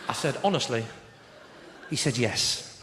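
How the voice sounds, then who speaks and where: A man's voice: high voice, sing-song, fast, slight background noise. A man with an English accent doing a sarcastic stand-up routine on a theatre stage, acting out a phone call with a salesman. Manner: sarcastic, storytelling with acted-out phone dialogue. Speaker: stand-up comedian. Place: large theatre stage with live audience. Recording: echoey theatre hall, loud ambience.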